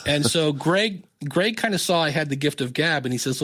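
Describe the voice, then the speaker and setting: A man's voice: fairly high pitch, quick pace, few pauses. A man in his fifties, a podcast guest telling stories in a casual interview, acting out the people he quotes. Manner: animated, acts out quoted dialogue.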